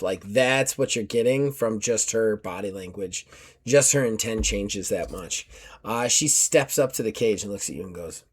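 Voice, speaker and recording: A man's voice: mid-range voice, animated, unhurried. A man narrating as game master of a tabletop game, explaining in a loose, casual way. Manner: casual, explains with lots of likes.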